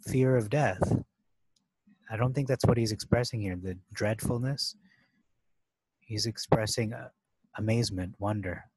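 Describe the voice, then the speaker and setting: A man's voice: medium pitch, a little mellow, dry recording, rough recording. A man talking through a Bible passage in a loose, thinking-aloud way, with many fillers and restarts and stressed key words. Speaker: Bible teacher. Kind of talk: casual scripture study talk.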